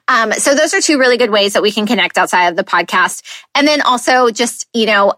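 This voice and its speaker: A woman's voice: mid-range voice, a bit bright, no echo. Woman podcast host in her thirties: chatty, earnest, loose with fillers, on a close, dry mic. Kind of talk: casual solo podcast talk.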